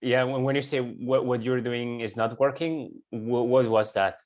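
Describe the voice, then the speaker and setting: A man hosting an interview as a fitness coach, asking his client questions in a measured, encouraging way. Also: medium pitch, fairly even intonation, darkish tone.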